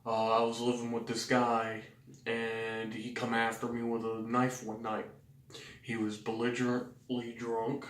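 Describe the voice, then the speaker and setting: A man's voice: medium pitch, fairly bright tone. A man with a Southern US accent telling his own story to the camera, blunt and profane, rambling with fillers. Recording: roomy sound from a distant mic.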